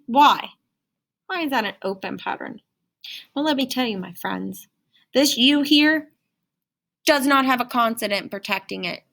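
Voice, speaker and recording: Woman teacher doing a phonics lesson for little kids, kinda high voice, lively and playful. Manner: animated, sing-song, playful teacher voice. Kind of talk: recorded phonics lesson for children.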